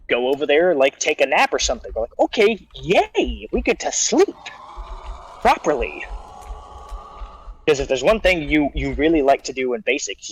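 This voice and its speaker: A man's voice: mid-range voice, no echo, low-quality recording. Man telling a rambling story. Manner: rambling anecdote with acted-out quotes and restarts. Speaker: guest storyteller. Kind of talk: casual storytelling.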